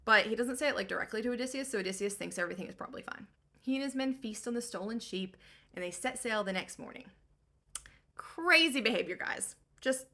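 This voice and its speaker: A woman's voice: a little high, bright, forceful tone. A young woman giving a comedic book recap in a breezy, slangy, irreverent way.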